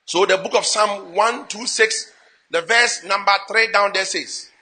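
A man preaching a sermon, mixing in a second language, with sudden swings from loud to hushed. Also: a little slow. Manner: switches between English and Twi, dramatic swings in pitch and volume. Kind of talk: sermon with interpreter.

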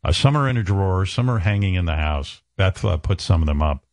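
Man with a low, dry voice. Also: a little fast, dry recording. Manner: animated, rambling storyteller. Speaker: radio show host. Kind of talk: casual on-air chat and storytelling.

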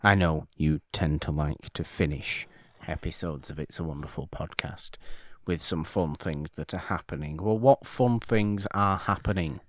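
A man with a lowish voice co-hosts a casual film podcast. He talks slowly and drawls, with a wry, playful edge. The sound is dry and close, with almost no room in it. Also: no echo. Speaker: podcast co-host.

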